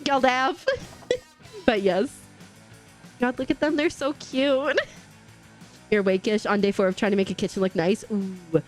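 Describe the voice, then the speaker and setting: A woman's voice: medium pitch, a little slow, pauses often, faint music behind. A woman streaming a game live, chatting casually, laughing often and greeting her chat viewers. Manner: bubbly, giggly, greets chat viewers warmly.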